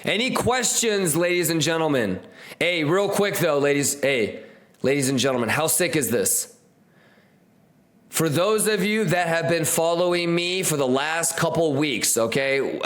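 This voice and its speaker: A man's voice: a little high, fairly bright tone. A man hosting a live trading stream, hyped and slangy, repeating catchphrases and talking straight to his viewers.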